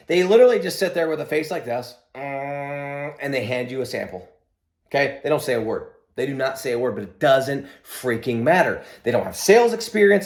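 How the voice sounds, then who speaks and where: A man coaching viewers on business in an emphatic, repetitive pep-talk style, his voice a little squeaky today. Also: reverberant. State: slightly squeaky voice. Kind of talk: motivational talk to camera.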